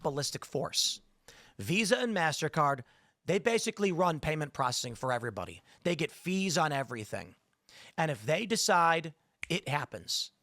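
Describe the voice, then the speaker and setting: Blunt, higher-voiced male commentator. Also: sing-song, moderate pace, pushed and bright, dry recording. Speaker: commentator in a played clip. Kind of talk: emphatic commentary.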